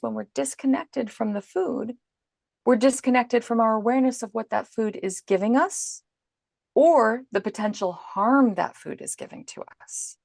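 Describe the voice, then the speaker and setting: A woman guest on a podcast, calmly and patiently explaining parenting advice in an instructive way. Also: fairly high pitch, vocal fry, dry recording, studio quality.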